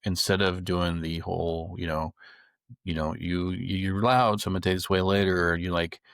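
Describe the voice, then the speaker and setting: A man's voice: deep voice, little pitch movement, normal speed, creaky, fairly bright tone, no room sound, clean studio sound. A man hosting a podcast for dads, asking his guest questions on behalf of listeners. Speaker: podcast host. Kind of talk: casual podcast interview.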